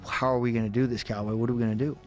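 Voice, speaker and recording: Guy telling a scary story, gets intense and panicky, mid pitch, faint music under it. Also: flat delivery, rapid-fire, a little mellow. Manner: intense, reenacting his own panic. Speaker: podcast guest. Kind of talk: dramatic storytelling.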